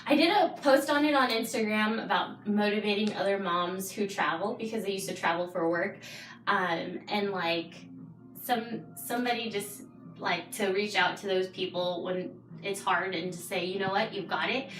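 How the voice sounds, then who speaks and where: A young adult woman, a podcast guest, telling a personal story in casual chat with lively bursts and frequent laughter. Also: medium pitch, normal speed, faint music behind. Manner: animated storyteller, laughs often. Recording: roomy, distant mic.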